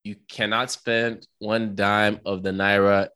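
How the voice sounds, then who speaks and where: A man co-hosting a podcast in casual chat, hoarse from illness, agreeable and easygoing. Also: on the low side, little pitch movement, slow, pushed and bright, no echo. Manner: agreeable, frequent backchannel "right". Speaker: podcast co-host.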